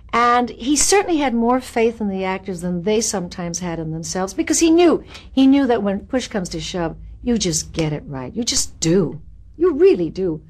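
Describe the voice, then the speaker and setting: Older actress telling lively backstage stories. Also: female voice, mid-range voice. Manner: animated and self-mocking, laughs at her own stories. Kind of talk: anecdotal interview storytelling.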